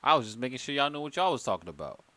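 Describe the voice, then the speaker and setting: A tipsy man runs a casual livestream, joking with the chat in a very lively, swooping voice. The sound is close and dry, with no room around it. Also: medium pitch, racing, dry recording. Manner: loose, joking, chatting with viewers in the chat. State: tipsy from wine. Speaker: livestream host. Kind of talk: casual live-stream chat.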